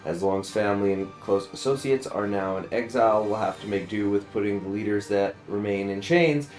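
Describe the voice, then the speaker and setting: A man's voice: on the low side, normal speed, darkish tone, soft background music. A man streaming a strategy game, chatting casually with rambling asides and frequent chuckles.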